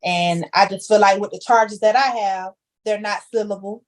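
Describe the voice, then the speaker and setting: A woman's voice: mid-range voice, fairly even intonation, normal speed. A young woman talking candidly as a podcast guest, telling her story with heavy slang and emphasis. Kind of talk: casual chat.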